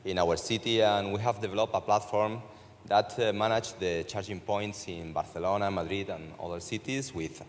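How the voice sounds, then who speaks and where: Brief: low-voiced Spanish-accented man, panelist, hesitant with fillers, roomy hall echo. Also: fairly even intonation, moderate pace, a little hiss or hum. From Spain. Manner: hesitant, many filler sounds, eager. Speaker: company manager, panelist. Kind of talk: conference panel answer. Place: conference stage in a large hall. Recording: long reverb of a large hall.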